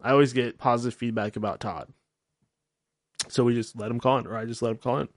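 Brief: male podcast host, mid-pitched voice, candid and profane, self-mocking rambles, dry close recording. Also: fairly even intonation, fast talker, no echo. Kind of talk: casual solo talk-show monologue.

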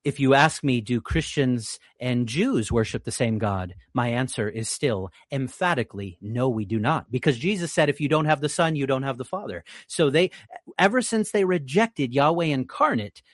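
A man's voice: lively intonation, moderate pace, no room sound. Man hosting a live stream, earnest preacher-style talk with many restarts, dry close mic. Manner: earnest, repeats words often, rises in pitch when emphatic. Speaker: livestream host. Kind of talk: religious commentary on a live stream.

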